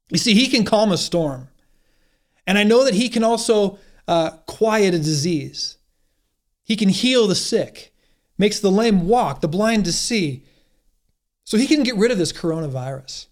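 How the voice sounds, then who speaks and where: A man preaching a sermon in an earnest, encouraging way, often restarting his phrases. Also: sits high. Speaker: pastor.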